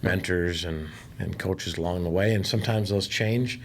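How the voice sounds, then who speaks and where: A male podcast host with a notably low voice. He offers short affirmations and relaxed follow-up questions. There is a faint hiss in the recording. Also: normal speed. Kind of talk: casual interview.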